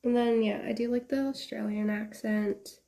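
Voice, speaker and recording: A woman's voice: a little high, steady tone, moderate pace, gravelly, warm tone. Chatty woman streaming while painting. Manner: chatty, laughs often, drifts closer and farther from the mic. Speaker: art streamer. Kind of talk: casual chat while painting.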